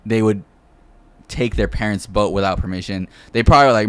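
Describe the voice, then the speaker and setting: A man's voice: lowish voice, fairly even intonation, fairly quick, smooth, no echo. A man hosting a podcast, giving his views in a hedging way full of fillers. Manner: hedging, filler-heavy talk. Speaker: podcast host. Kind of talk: casual podcast chat.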